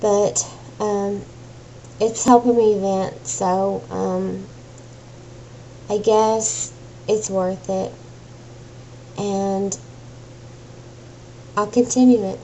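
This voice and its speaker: A woman's voice: mid-range voice, fairly even intonation, very slow, pauses often, dark tone, slight background noise, rough recording. A young adult woman venting in an emotional personal rant, agitated and exasperated, swearing now and then. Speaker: vlogger.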